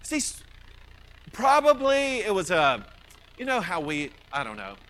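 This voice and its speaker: A man's voice: high voice, measured pace, low-quality recording. A man with a Mississippi accent teaching through a Bible passage, asking his listeners questions and answering them himself. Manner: animated, poses rhetorical questions and answers them.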